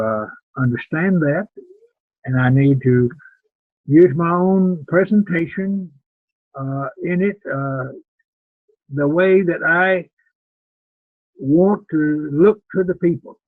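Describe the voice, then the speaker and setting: The speaker is an older preaching instructor addressing students with earnest, plain talk and frequent repeated words as he thinks aloud. His male voice runs somewhat high, there's no room sound, and the audio is tinny like a phone.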